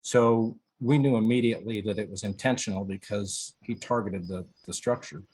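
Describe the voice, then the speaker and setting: A man's voice: on the low side, normal speed, a little mellow, a little hiss or hum. A man from North Iowa telling an eyewitness story in an interview, acting out the voices of the people he quotes. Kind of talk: recounting a personal story.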